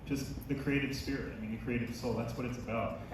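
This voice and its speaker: A man's voice: mid-range voice, fairly even intonation, fast. A man in his thirties interviewing a guest on stage, upbeat and encouraging. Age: 30s. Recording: echoey hall, distant mic, crowd noise. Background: audience.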